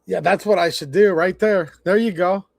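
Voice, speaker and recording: Brief: man in his forties, high voice, dry close sound, casual livestream rant, stammers and rambles. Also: moderate pace, vocal fry, no room sound. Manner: rambling, stammering, frustrated and blunt. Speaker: livestream host.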